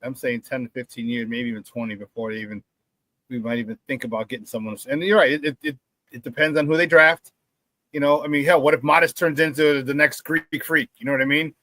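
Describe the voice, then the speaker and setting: A man's voice: medium pitch, steady tone, fast, sharp tone, no echo. A man hosting a casual sports talk show, joking and repeating words for emphasis.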